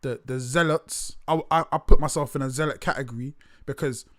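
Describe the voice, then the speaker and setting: A man interviewing in casual chat and telling stories with lively acted-out quotes. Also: mid-range voice, brisk. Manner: animated storyteller, acts out other voices, swears casually.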